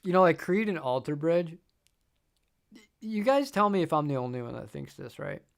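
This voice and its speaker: A man's voice: fairly high pitch, big pitch swings, normal speed, creaky. A man hosting a guitar channel, chatting casually on a live stream, rambling and repeating words and laughing often.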